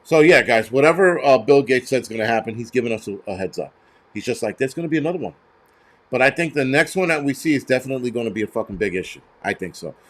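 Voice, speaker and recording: A man's voice: mid-range voice, lively intonation, fast. A man hosting a show, ranting heatedly with lots of swearing and stumbling restarts. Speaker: host. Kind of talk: profane ranting commentary.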